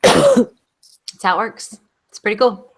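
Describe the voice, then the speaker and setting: A woman's voice: mid-range voice, wildly swooping pitch, slow, husky. A woman with a Southern US accent co-hosting a casual live chat over a video call, chatty and laughing often. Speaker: co-host.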